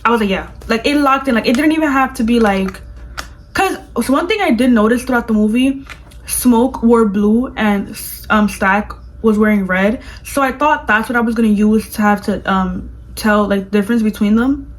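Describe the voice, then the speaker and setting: A woman vlogger reviewing a movie in casual chat, gushing and animated, with lots of "like". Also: fairly high pitch, normal speed, low-quality recording. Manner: gushing, animated, fills speech with "like".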